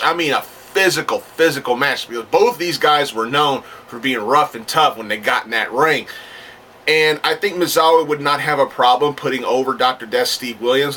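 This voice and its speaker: Excitable rambling man, bright voice. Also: mid-range voice, far from the mic, slight background noise. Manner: rambling, restarts, gets excited and swears. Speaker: wrestling fan vlogger. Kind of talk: casual talking-to-camera monologue.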